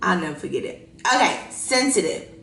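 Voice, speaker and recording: A woman in her thirties hosting a podcast, talking in a profane, laughing, animated way, with a casual and unfiltered delivery. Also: fairly low pitch, a little fast, roomy sound, soft background music. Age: 30s. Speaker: podcast host.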